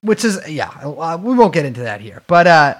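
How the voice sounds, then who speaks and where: A man's voice: fairly high pitch, very animated, moderate pace. A man co-hosting a podcast in casual chat, rambling and joking with lots of fillers. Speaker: podcast co-host.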